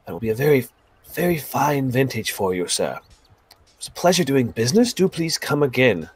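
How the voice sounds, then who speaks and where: A man voicing a proper, haughty male elf shopkeeper who speaks in a slow, formal, disdainful way. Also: mid-range voice, very animated, husky. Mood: polite.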